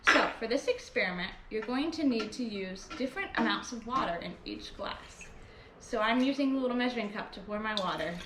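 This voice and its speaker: A young woman teaching a music lesson to small children in a cheerful, slow and clear way, at home in her kitchen. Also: a little high, expressive, fairly bright tone. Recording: echoey kitchen with clear background noise.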